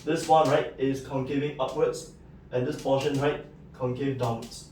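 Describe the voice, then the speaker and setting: A man's voice: medium pitch, fairly even intonation, normal speed, darkish tone, a little hiss or hum. A man giving a recorded math lecture, explaining step by step and checking in with "right?" and "okay". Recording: echoey room, mic at a distance.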